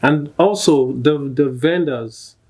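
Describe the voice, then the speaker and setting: A man's voice: on the high side, slow, darkish tone. A man from Nigeria with a Nigerian accent, chatting casually with his spouse in an easygoing, rambling way. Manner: easygoing, filler-heavy storytelling. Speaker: co-host. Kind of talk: casual couple chat.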